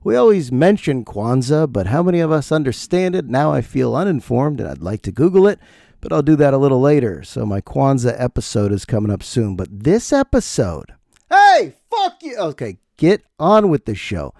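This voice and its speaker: A middle-aged man hosting a comedic podcast monologue, animated, laughing often and mimicking lines. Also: medium pitch, normal speed, gravelly, no echo, studio quality. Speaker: podcast host. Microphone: studio podcast mic.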